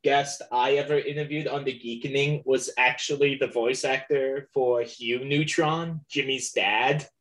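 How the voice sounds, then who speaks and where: A man's voice: mid-range voice, steady tone, unhurried, hardly any pauses, fairly bright tone, low-quality recording. A man hosting a podcast interview, hesitant and full of fillers, laughing often. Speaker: podcast host. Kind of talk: casual interview.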